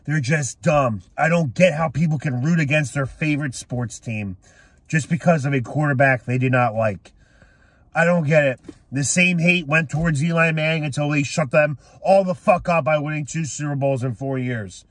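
A young man ranting angrily as a sports fan, swearing and shouting at critics. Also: a little high, moderate pace, husky, no echo. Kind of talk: profane rant to camera.

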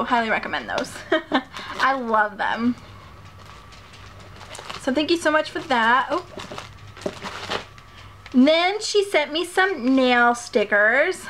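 A woman's voice: a little high, a bit bright, slight background noise. A woman vlogger chatting casually and gushing as she unboxes a package of makeup, a little out of breath. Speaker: beauty vlogger. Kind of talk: casual haul unboxing chat.

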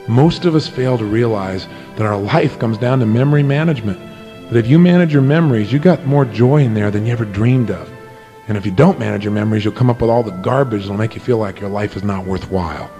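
A middle-aged man giving a motivational talk, telling personal stories with animated energy that drops to a hushed, earnest tone. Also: on the low side, fast, faint music behind. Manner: animated storytelling, swinging from excited to hushed and earnest. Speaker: motivational speaker.

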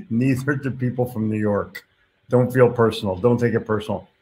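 A male host with a voice of ordinary pitch, chatting casually on a live stream. He reads viewer comments aloud and reacts bluntly, dropping in the odd swear word. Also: a little slow, mellow.

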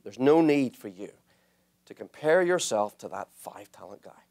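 A man's voice: mid-range voice, expressive, normal speed, darkish tone. A man preaching a sermon, emphatic and building to impassioned peaks.

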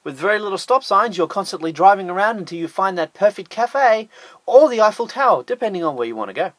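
A man's voice: high-pitched, lively intonation, fast talker, fairly bright tone, dry recording. Sarcastic Australian man narrating a list. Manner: sarcastic, jokey asides. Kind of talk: scripted top-ten narration.

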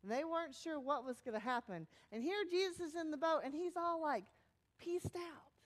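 A woman pastor giving a sermon in a conversational, animated way, sometimes dropping to a hushed, soft tone. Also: sits high, brisk.

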